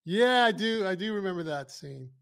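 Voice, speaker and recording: A man's voice: high-pitched, expressive, moderate pace, vocal fry, a bit bright. A man co-hosting a podcast, making loose, easygoing remarks about a movie. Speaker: podcast co-host. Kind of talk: casual movie review chat.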